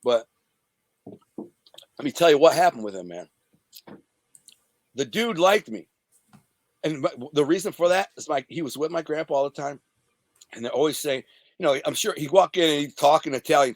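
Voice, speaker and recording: Man, interview guest from the Detroit area, streetwise and profane, a bit high-pitched, dry close sound. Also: a little fast, long pauses, dry recording. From Detroit area, USA. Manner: streetwise, profane, animated retelling. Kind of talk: casual storytelling.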